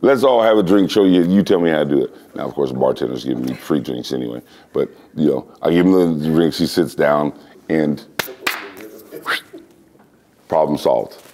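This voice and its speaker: A man being interviewed, telling casual anecdotes in an animated way and acting out voices and sounds. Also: a bass voice, moderate pace, a little hiss or hum. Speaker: interview guest.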